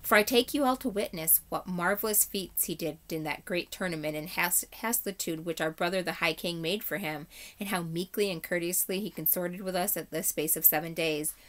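A woman's voice: on the low side, fairly quick, few pauses, lightly acted. A woman reading aloud and voicing a young queen who speaks formally to her brother. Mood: earnest. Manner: formal old-fashioned speech. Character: young queen, gentle but firm.

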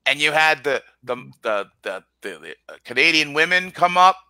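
Teasing bright-voiced man, lively pitch. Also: moderate pace, clear, resonant tone, no room sound. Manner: teasing, jokey, probing. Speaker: podcast co-host. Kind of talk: casual chat.

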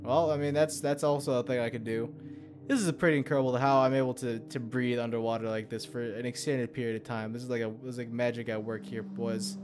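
A young man talking his way through a video game, swearing freely and muttering under his breath. His pitch sits in the middle for a man. Faint music plays behind his voice. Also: steady tone, fast. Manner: swears a lot, mutters to himself, sudden yelps of alarm. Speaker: gameplay commentator. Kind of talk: profane let's-play commentary.

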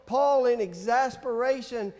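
A male pastor preaching a sermon in a church, slow and emphatic, reading scripture aloud. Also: very high-pitched, warm tone, big-room sound. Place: church sanctuary.

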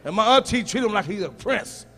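A male stand-up comedian performing a profane set, teasing the audience and shouting punchlines at them. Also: sits high, lively intonation, brisk, husky.

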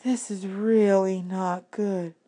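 A woman voicing a brave teenage girl camper, speaking high, loud and insistent in a storybook read-aloud. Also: expressive, normal speed. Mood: hushed.

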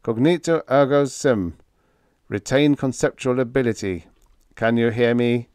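A man voicing an old male professor whose mind now runs a spaceship, speaking through a wall speaker in a halting, toneless way. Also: medium pitch, darkish tone, smooth, no room sound, voice pushed up. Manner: toneless, halting, without inflection.

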